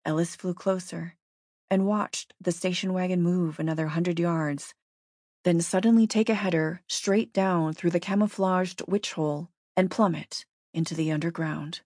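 A woman narrating a story in a steady, measured audiobook reading. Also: fairly low pitch, dry recording, studio quality.

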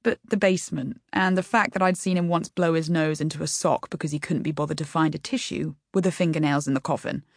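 A woman's voice: deep voice, steady tone, fast talker, gravelly, hardly any pauses, no echo, clean studio sound. A woman narrating a first-person audiobook in a wry, self-deprecating storytelling manner.

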